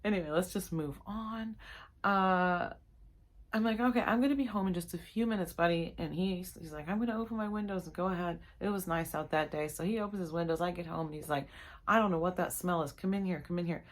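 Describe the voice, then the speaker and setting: A middle-aged woman vlogger chatting casually through a storytime, animated and acting out her own reactions. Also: fairly low pitch, a little fast.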